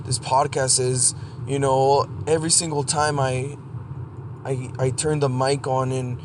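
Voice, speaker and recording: A man's voice: mid-range voice, little pitch movement, noisy background. Blunt, profane man hosting a podcast. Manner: blunt and profane, halting with many restarts. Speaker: podcast host. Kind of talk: casual solo monologue.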